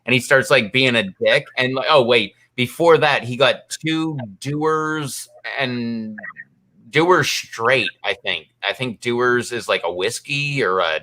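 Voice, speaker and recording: A man with a bright, forceful voice tells a long story in casual chat. He rambles, stacks up fillers and slips into quick quoted voices as he goes. His pitch sits in the middle for a man. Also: slight background noise. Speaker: co-host.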